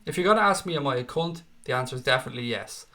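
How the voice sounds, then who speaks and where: A man's voice: medium pitch, lively intonation, very fast, pushed and bright. Man, Irish accent, young adult, stream host, casual chat, blunt, profane. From Ireland. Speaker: livestream host.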